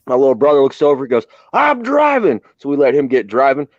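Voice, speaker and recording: A man's voice: medium pitch, fairly even intonation, very fast, dark tone, no echo, dull audio. A man telling rowdy, profane stories on a live stream, acting out the quotes. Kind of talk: casual storytelling chat.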